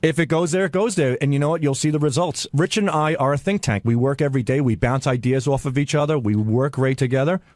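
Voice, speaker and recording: Male show staffer, fast and animated, acts out quotes, dry studio sound. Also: medium pitch, dry recording. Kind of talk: casual radio chat.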